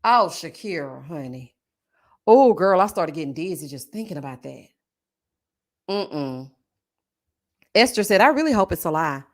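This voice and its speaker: A woman hosting a casual reality TV recap livestream. She talks straight to her viewers, reads their chat aloud, and bursts into loud laughs. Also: low-pitched, lively intonation, moderate pace, pauses often.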